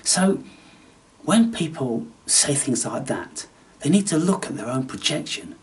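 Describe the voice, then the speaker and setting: A man hosting a spiritual channel, talking in a theatrical, taunting way that swings between loud outbursts and hushed asides. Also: medium pitch, very animated, unhurried, far from the mic. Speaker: channel host. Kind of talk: spiritual vlog monologue.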